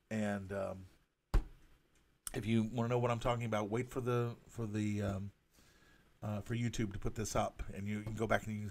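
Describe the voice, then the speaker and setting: Halting, apologetic man streaming live. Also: lowish voice, creaky, a little hiss or hum. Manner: halting, stammering, many restarts; earnest, apologetic. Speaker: cartoonist hosting a live drawing stream. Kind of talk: casual live-stream monologue.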